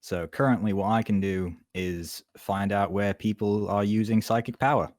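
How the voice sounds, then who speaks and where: Low-voiced man in a tabletop game. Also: fairly even intonation, normal speed, darkish tone, no echo, clean studio sound. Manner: plays a character with a put-on accent, hesitant about it. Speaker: player. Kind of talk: casual tabletop game chat.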